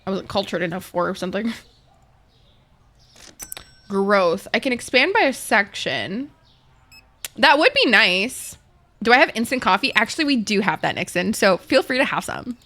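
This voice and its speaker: A woman's voice: mid-range voice, big pitch swings, moderate pace, pauses often, sharp tone. A woman streamer chatting casually and swearing a lot while playing a game and talking to her chat. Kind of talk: casual gaming livestream chat.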